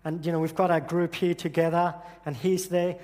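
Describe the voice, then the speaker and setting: A man's voice: a little high, little pitch movement, a little mellow. Earnest man preaching in a reverberant hall. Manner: earnest, halting with repeated restarts. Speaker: church speaker. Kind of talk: sermon with personal story. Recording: echoey hall with long reverb.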